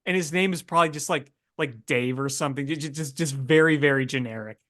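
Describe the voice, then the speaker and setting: A man's voice: on the high side, fast talker, a bit bright. A man co-hosting a casual sports podcast, talking things through with hesitant restarts.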